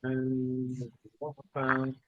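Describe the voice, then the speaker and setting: A man's voice: medium pitch, monotone, extremely slow, phone-quality sound, noisy background. A man teaching a classroom English lesson, quizzing students on formal words and modeling the stress of each word. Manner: questioning, drills pronunciation by modeling words.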